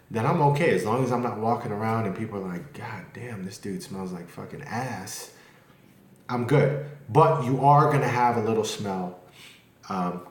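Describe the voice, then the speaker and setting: A man's voice: on the low side, a little mellow. A man vlogging casually at home, talking candidly and rambling, with occasional cursing. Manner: rambling, candid, curses freely. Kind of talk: casual vlog talk to camera. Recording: echoey room.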